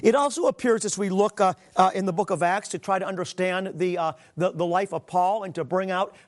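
High-voiced earnest male preacher. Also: fairly quick. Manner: earnest, emphatic scripture reading with direct address. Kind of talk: sermon teaching.

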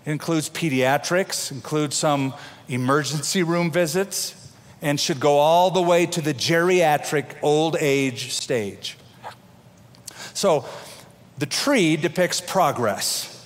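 A middle-aged male pastor delivers a sermon in a chatty, down-to-earth way, slipping into homely asides and sometimes restarting his words. His voice sits a little high for a man. The sound carries a long, ringing reverb from a large hall. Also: slow. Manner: conversational preaching with homely asides and repeated restarts.

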